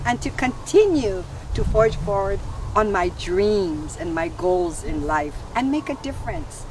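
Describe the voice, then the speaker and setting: A woman's voice: medium pitch, measured pace. A middle-aged woman, hosting a heartfelt conversation and speaking emphatically. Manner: animated, emphatic, breaks into loud exclamations. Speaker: host. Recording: distant mic with clear background noise.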